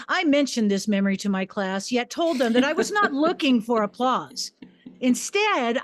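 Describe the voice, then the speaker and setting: A woman reading her memoir aloud to an audience, a former teacher who tells her story theatrically, swinging her pitch and volume as she acts out her own classroom commands. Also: no room sound. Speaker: memoir reader, former high school teacher.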